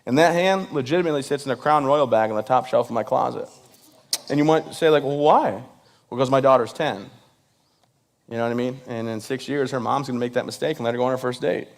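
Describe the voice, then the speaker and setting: A man's voice: mid-range voice, quick pace, creaky. A man in his thirties giving a joking speech to a live audience, playfully acting out the voices of people he quotes. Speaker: event speaker.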